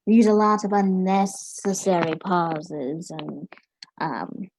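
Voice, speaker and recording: A woman's voice: lowish voice, takes it slowly, a little mellow, a little hiss or hum, poor audio. A woman voicing a refined female cat aristocrat who speaks languidly and calls others darling.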